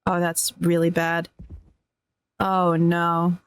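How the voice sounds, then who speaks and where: A woman's voice: fairly low pitch, monotone, takes it slowly, a little hiss or hum. A woman giving blunt gameplay commentary, swearing freely as she reacts. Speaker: gaming video creator.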